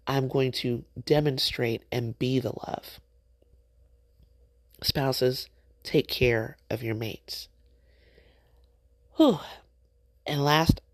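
A middle-aged woman hosting a podcast, giving animated, preachy, faith-based encouragement to married couples. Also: extremely low pitch, no room sound. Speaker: podcast host.

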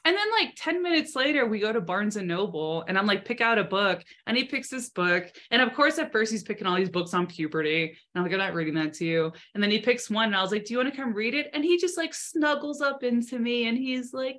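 A young adult woman co-hosting a podcast, telling animated stories in casual chat and swearing freely. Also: a little high, fast, hardly any pauses. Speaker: podcast co-host.

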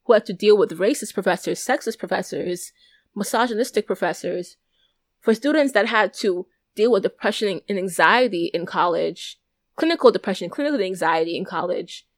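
A young adult woman talks through her own thoughts on a solo podcast, earnest and open. Her voice sits at an everyday middle pitch, and she often circles back over a phrase before she finishes it. The sound is dry and close, with no room around it. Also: moderate pace, no room sound. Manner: candid and earnest, often repeating and restarting phrases. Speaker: podcast host. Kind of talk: solo reflective podcast monologue.

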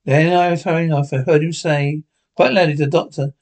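A man narrating an audiobook in a plain, steady reading voice. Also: on the high side, fairly quick. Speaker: audiobook reader.

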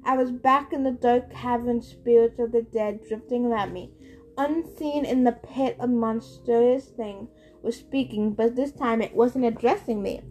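A woman reading a novel aloud in steady first-person narration. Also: a little high, measured pace, soft background music, rough recording. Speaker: audiobook reader.

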